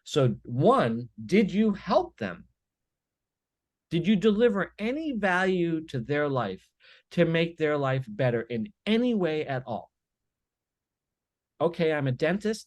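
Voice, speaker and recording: A man's voice: fairly high pitch, moderate pace, dry recording. Emphatic man telling business stories. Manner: energetic, emphatic storytelling with repeated "right?" tags. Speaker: podcast guest, business speaker. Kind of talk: podcast interview.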